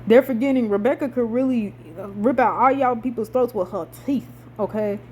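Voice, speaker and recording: A woman's voice: on the high side, moderate pace, slight background noise. Swearing young woman ranting. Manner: animated, swears a lot, dramatic rising outbursts. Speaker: vlogger. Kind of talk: casual rant about a TV show.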